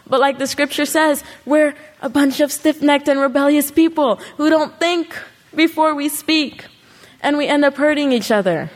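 A woman's voice: high voice, moderate pace. A woman giving an earnest sermon to a congregation, pressing her listeners with rhetorical questions. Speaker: congregation speaker. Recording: long hall reverb.

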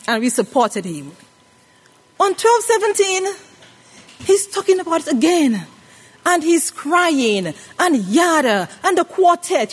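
A woman preaching a sermon to a congregation, calling out questions for them to answer. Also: high-pitched. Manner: call-and-response, asks the congregation questions. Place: worship hall. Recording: reverberant worship hall.

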